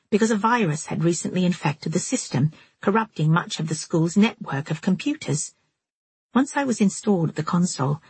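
Woman audiobook narrator, low and husky, steady delivery. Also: dry recording. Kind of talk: scripted first-person narration.

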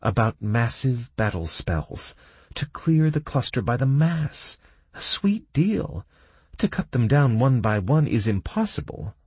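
A man's voice: mid-range voice, big pitch swings, unhurried, a little mellow, slightly rough, no echo, pitched above the performer's own voice. A man voicing a commanding young woman who leads a fantasy party, in an audiobook. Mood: scheming.

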